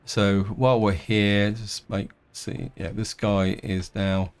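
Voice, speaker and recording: Slow, low-voiced man thinking aloud. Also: flat delivery. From England. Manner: thinking aloud, hesitant, many restarts. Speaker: game let's-player. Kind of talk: casual gameplay commentary.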